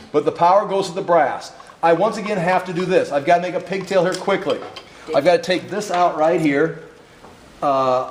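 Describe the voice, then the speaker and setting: A man teaching a hands-on wiring class, explaining each step and checking that his students are following. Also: fairly high pitch. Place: classroom workshop. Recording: echoey classroom, faint noise.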